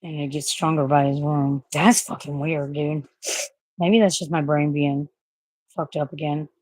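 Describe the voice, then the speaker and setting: A woman's voice: deep voice, little pitch movement, a little slow, a little mellow, no echo. A woman chatting casually and rambling to her viewers from her bedroom, swearing freely and cooing at her pets. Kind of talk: casual livestream chat. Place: bedroom at home.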